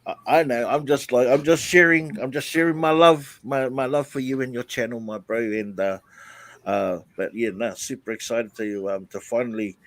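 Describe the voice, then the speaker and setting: A man chatting on a live stream, halting often with fillers and restarts. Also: mid-range voice, steady tone, fairly bright tone, no echo. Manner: hesitant, many fillers and restarts. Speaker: guest YouTuber. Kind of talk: casual live chat.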